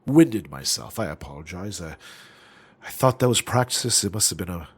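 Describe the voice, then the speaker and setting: A man voicing an apologetic, easily winded old man adventurer in a tabletop role-playing game, with a husky voice that swings widely in pitch. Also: expressive, normal speed.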